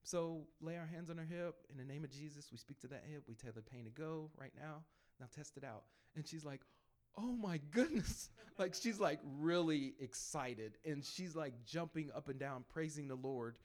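Man telling lively faith testimony stories. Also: on the high side. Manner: lively, laughs between anecdotes; acts out dialogue in quick asides. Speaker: panel speaker on evangelism. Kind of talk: storytelling testimony.

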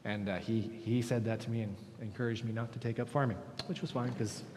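A man preaching a sermon, retelling a parable in his own words and acting out the workers' voices with lively emphasis. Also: lowish voice, fairly quick, a little hiss or hum. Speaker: pastor. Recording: long hall reverb.

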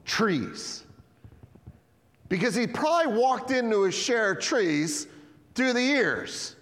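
A man preaching a sermon with animated storytelling, acting out the people in the passage and chuckling as he goes. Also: very high-pitched, slow, big-room sound. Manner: lively storytelling, acts out voices, chuckles. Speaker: pastor.

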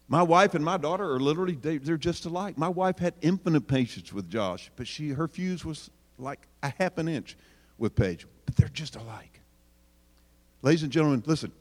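Animated male preacher in a reverberant hall. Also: fairly high pitch. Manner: animated, joking, addresses audience directly. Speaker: speaker on parenting. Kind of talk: sermon.

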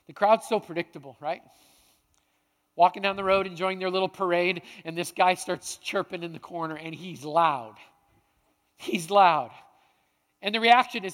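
High-voiced preacher in a reverberant hall. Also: male voice, normal speed, long pauses. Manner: dramatic, swings between hushed and loud. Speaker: pastor. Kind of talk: sermon.

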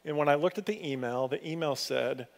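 A man preaching a sermon as pastor, telling stories in a conversational way with lively swings of pitch and loudness. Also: fairly quick, vocal fry, in a large hall.

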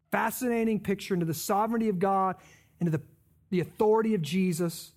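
A male pastor with a strikingly high voice delivers a sermon. He is conversational and emphatic, putting scripture into plain, everyday words. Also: fast, a little mellow.

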